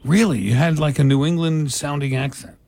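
A man's voice: fairly high pitch, fairly quick, darkish tone. A man hosting a radio talk show, joking back and forth with his co-host. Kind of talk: casual radio chat. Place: radio studio.

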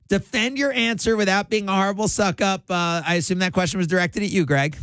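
A man's voice: sits high, a little fast, hardly any pauses, a bit bright, no room sound. A man hosting a sports radio call-in show, taking callers and often laughing.

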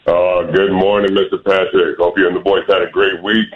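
A man's voice: low-pitched, flat delivery, brisk. A man calling in to a sports radio show, bluntly griping about his teams' weekend. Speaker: caller. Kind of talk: phone-in call. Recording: phone line.

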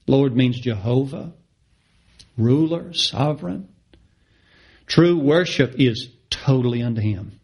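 A middle-aged male preacher delivers a sermon at an unhurried pace, leaning hard on repeated phrases. His voice is gravelly and a little husky, and it jumps upward in pitch whenever he drives a point home. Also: lively intonation, a little mellow. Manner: impassioned, repeats phrases for emphasis, rises sharply in pitch on key words.

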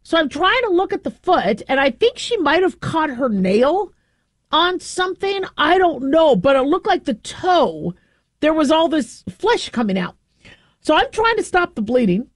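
A middle-aged woman host telling a long, rambling story in a casual, animated way, often stopping to correct herself. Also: sits high, a little slow, dry recording. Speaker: show host.

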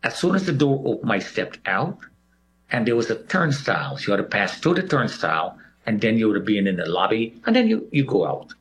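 A man's fairly low voice moves at a quick clip while he relates something from his own life. His storytelling is animated, and he acts out what others said in their voices.

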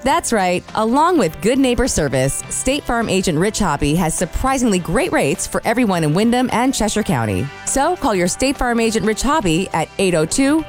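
A woman's voice: medium pitch, darkish tone. A woman reading a local insurance ad voice-over in a friendly, upbeat way. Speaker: ad announcer. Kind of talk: scripted ad voice-over.

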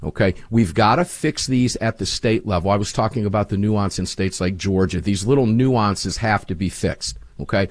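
This man's lowish voice runs at normal speed with hardly any pauses, and the recording has no echo. A host of his own program, he tells emphatic stories as a guest in a political talk radio interview.

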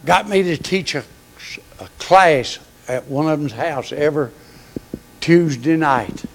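An older man preaching a folksy, homespun sermon in a church, chuckling between phrases. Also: on the high side. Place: church sanctuary. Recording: long church hall reverb.

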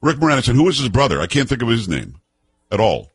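A man hosting a talk show, chatting and teasing his co-hosts in an animated, joking way. His voice is husky and mid-pitched, recorded dry and close with no room sound. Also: quick pace, no room sound. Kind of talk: casual talk show banter.

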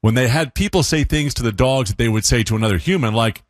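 A man hosting a scripted radio segment in a lively, playful way, his voice a little husky. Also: mid-range voice, fast, no echo, clean studio sound. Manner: lively, playful, laughs at his own imitations. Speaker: radio host.

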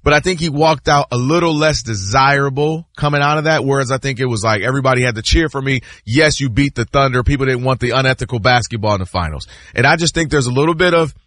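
Bright-voiced animated sports analyst man. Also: mid-range voice, no room sound. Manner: emphatic, acts out players and fans in quick voices. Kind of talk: animated basketball debate.

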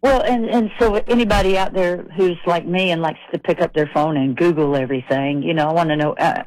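A woman's voice: lowish voice, a little fast, dry recording, poor audio. Chatty woman telling stories. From Nashville, Tennessee. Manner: chatty, rambling, animated retelling. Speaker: country singer, guest. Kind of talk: rambling anecdotal storytelling.

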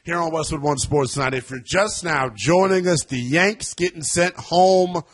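A man hosting a sports talk radio show, talking in an animated, emphatic way that gets loud at times. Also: a little high, moderate pace.

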